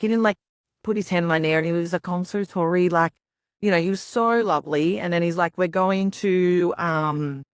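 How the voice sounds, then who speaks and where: A woman's voice: low-pitched, dry recording, clean studio sound. A young woman on a podcast, telling her story in a rambling, casual way full of "like" and quoted asides.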